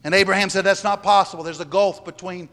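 A man's voice: high voice, steady tone, quick pace, fairly bright tone, big-room sound. A man preaching a sermon, emphatic and repeating his phrases for weight.

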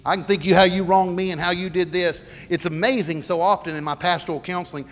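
A man's voice: sits high, fairly even intonation, quick pace, a bit bright. A middle-aged man, a pastor, preaching a sermon earnestly and with emphasis, often stumbling and restarting. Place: church sanctuary. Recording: long reverb of a large hall.

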